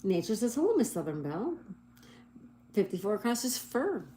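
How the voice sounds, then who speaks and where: A woman's voice: medium pitch, very animated, normal speed, mellow, a little hiss or hum. Cheerful woman spelling out crossword answers. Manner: apologetic over slips. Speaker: livestream host. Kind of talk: casual livestream chat, reading viewer comments.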